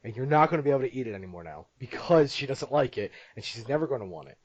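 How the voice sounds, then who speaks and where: A man's voice: mid-range voice, lively intonation, quick pace, no room sound, lo-fi sound. A man hosting a podcast in casual chat, rambling and joking, laughing often at his own stories. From Italian-American family. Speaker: podcast host.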